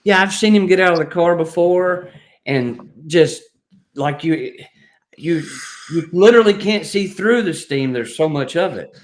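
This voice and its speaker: A man hosting a casual live stream, joking around, rambling and reading viewer comments out loud. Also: a little high, expressive, measured pace.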